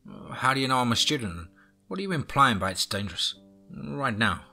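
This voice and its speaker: A man's voice: medium pitch, sing-song, brisk, sharp tone, faint music behind, exaggerated voice. A man voicing a nervous, jumpy young woman who is a college student. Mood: panicked. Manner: nervous, unsure.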